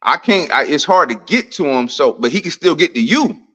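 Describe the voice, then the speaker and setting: A man's voice: fairly high pitch, big pitch swings, normal speed, fairly bright tone. A man, a heavyweight boxer, talking in a laid-back, reflective way with casual slang in an interview. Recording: dull lo-fi audio.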